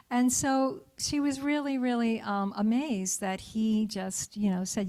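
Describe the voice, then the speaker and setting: Her voice a little high, unhurried, and darkish in tone, a middle-aged woman minister gives a chatty sermon in a church sanctuary. She tells a story, interacts with the congregation by asking for their thoughts, and laughs often.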